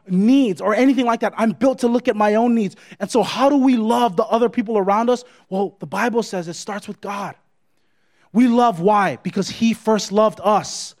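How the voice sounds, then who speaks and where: A pastor with a notably high voice preaches a sermon emphatically. He hammers his points through repetition and constantly checks in with his listeners.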